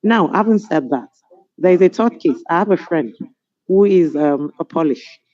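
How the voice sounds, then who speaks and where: A middle-aged Nigerian woman on a webinar panel, telling stories in an animated, amused way over a video call. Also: fairly low pitch, normal speed. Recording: dull lo-fi video call audio.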